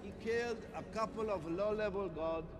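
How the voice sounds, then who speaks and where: A man's voice: sits high, moderate pace, in a large hall, natural voice. An actor playing a pompous, theatrical king of the gods with a mixed Greek-Italian accent, dismissive and grand. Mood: haughty. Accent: Greek-Italian mix.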